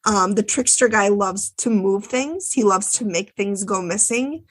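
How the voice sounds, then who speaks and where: Speaking a little slowly in a mid-range voice, a woman co-hosts a podcast and recaps a TV episode. She keeps it chatty and casual, with lots of filler words and cursing.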